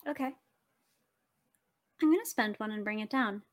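A woman's voice: medium pitch, animated, normal speed. A woman playing a tabletop game in a playful, theatrical way. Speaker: player.

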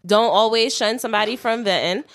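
A woman's voice: a little high, brisk, dry recording. A woman co-hosting a podcast, giving blunt, direct advice to listeners in casual talk. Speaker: podcast co-host.

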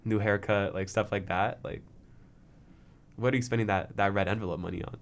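A young man on a casual podcast, joking and telling animated stories. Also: fairly low pitch, brisk. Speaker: podcast co-host. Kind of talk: casual chat.

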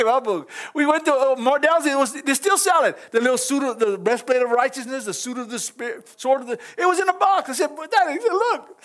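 Speaking in a strikingly high, slightly bright voice, a middle-aged pastor delivers a casual sermon. His style is folksy and conversational, punctuated by chuckles, and he talks straight to the people in the pews.

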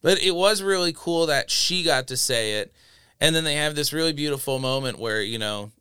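A man co-hosting a casual podcast chat, animated and quick to laugh, retelling scenes and breaking into freestyle rap. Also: on the high side, clean tone, dry recording, clean studio sound. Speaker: podcast co-host.

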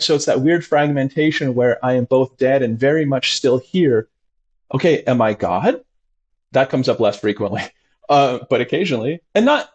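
A man, a doctor as interview guest, talking expressively and acting out his patients' voices with big jumps in pitch. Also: slightly rough. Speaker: integrative medicine doctor, guest. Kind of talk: animated conversational interview.

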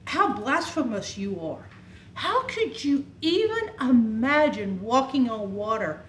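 A woman's voice: fairly high pitch, sing-song, takes it slowly, a bit bright, reverberant, slight background noise, heavily acted. A woman preacher voicing Jesus as a stern grown man who scolds with indignant questions.

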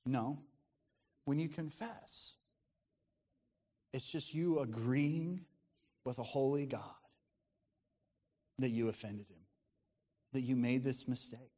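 A pastor preaches in an earnest, conversational way, often stopping and starting his sentences as he thinks aloud. His voice sits at an ordinary middle pitch for a man. The sound carries the long reverb of a church hall. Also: slow pace, long pauses, mellow. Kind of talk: sermon.

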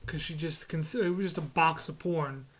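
A young man co-hosting a podcast in casual chat, telling stories and getting animated when he quotes himself. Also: a little high, a little fast, background noise. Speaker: podcast co-host.

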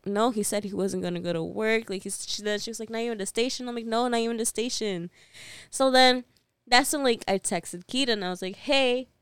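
A young woman co-hosting a podcast, telling a story in casual chat, animated and laughing often as she acts out quoted lines. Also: medium pitch, smooth, dry recording. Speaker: podcast co-host.

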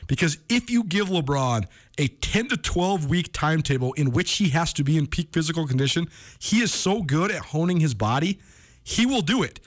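A man hosting a sports radio show, talking in a casual, energetic way and saying "man" often. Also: fairly high pitch, moderate pace.

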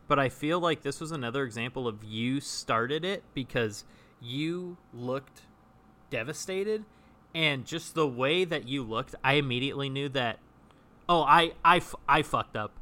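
Bright-voiced chatty man co-hosting. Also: medium pitch. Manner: chatty, enthusiastic, restarts often. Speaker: podcast co-host. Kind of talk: casual chat about improv.

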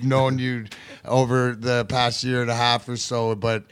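A man's voice: mid-range voice, little pitch movement, a little slow, smooth. Male podcast host, chatty and joking, interrupts guests. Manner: jokey, interrupts, restarts sentences.

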